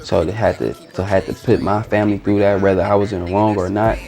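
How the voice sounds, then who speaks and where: This man's voice is on the low side and warm, delivered flatly and fast over faint background music. An interview guest from East Oakland, California, he spins a slangy, loose story and acts out what people said.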